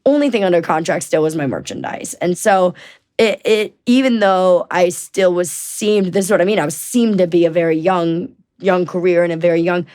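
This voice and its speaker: Lively low-voiced young woman guest. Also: moderate pace. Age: 20s. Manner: animated, acts out quotes, restarts often. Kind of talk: casual storytelling interview.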